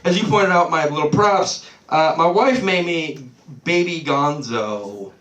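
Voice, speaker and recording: A man doing stand-up, his voice sitting a little high, loose and profane, stumbling over his place and brushing it off. The sound is a roomy club captured from some distance off the mic. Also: unhurried, fairly bright tone. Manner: loose, swearing, loses his place and laughs it off. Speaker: stand-up comedian. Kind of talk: live stand-up set. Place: small comedy club stage.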